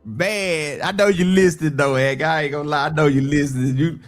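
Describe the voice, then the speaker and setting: A man's voice: on the high side, fairly even intonation, a little fast, soft background music. A man casually reacting to a song on a live stream, loose and profane, repeating phrases as he talks.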